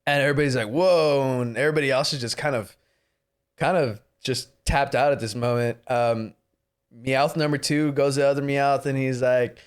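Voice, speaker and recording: A young man co-hosting a casual podcast, ranting about a movie with lots of swearing and mimicking characters in squeaky voices. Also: a little fast, clean tone. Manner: profane, animated, mimics characters in high voices. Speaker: podcast co-host. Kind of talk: casual movie review chat.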